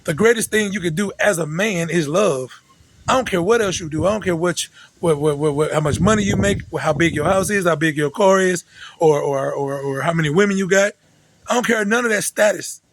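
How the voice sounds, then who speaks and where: A man's voice: high voice, brisk, rough recording. A man, lecturing his listeners in a preachy, emphatic way. He repeats himself and restarts words to drive each point home. Faint noise hums behind him. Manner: repetitive, emphatic, with frequent restarts. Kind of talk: preachy direct-address monologue.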